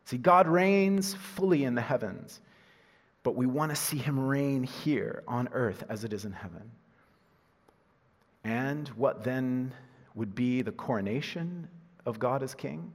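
Animated pastor preaching in a big hall. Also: male voice, mid-range voice, a little slow. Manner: animated, swings from loud emphasis to hushed asides, laughs at himself. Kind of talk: sermon. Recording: husky voice in a reverberant hall.

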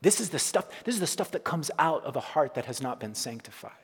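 A male pastor giving a conversational, jokey sermon with bursts of loud emphasis, to a congregation in a church. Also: fairly high pitch, very animated, quick pace, husky. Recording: long hall reverb.

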